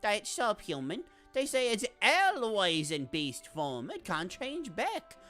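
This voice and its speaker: A woman's voice: medium pitch, big pitch swings, slow, a bit bright, soft background music, voice pushed up. Woman putting on a sly, drawling gossip soldier. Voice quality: drawling, coarse slang. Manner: sly, conspiratorial, teasing. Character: gossiping rough-spoken male soldier.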